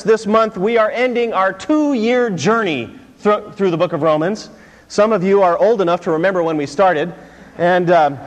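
Man, pastor, sermon, high voice, repeats for emphasis, echoing sanctuary. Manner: preaching with call-and-response questions to the congregation. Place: church sanctuary. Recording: long hall reverb.

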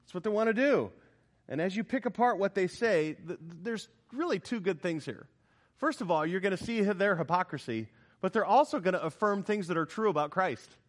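A man preaching a sermon, emphatic and animated, asking the congregation rhetorical questions as he explains a Bible passage. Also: high-pitched, a little fast. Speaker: pastor.

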